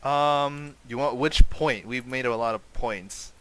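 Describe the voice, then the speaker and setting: A man's voice: medium pitch, slow, a bit bright, smooth, low-quality recording. A young man on a gaming voice call, laid-back and hesitant, often trailing off or laughing. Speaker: gamer chatting on voice call. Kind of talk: casual chat.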